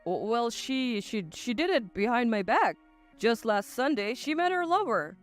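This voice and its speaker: A woman's voice: a little high, expressive, measured pace, soft background music. Woman voicing a stammering remorseful old father. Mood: flustered. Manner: stammering, guilt-stricken. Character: remorseful retired father, older man. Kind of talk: storybook drama narration.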